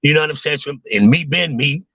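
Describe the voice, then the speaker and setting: A young man talks loosely to his viewers, wandering through his thoughts in street slang and leaning on "man" and "you know what I mean." His voice is bright and forward. The recording is dry and close. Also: fairly high pitch, fast talker, no room sound, poor audio. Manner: rambling, laid-back slang with frequent "man" and "you know what I'm saying". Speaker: vlogger talking to viewers. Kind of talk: casual livestream chat.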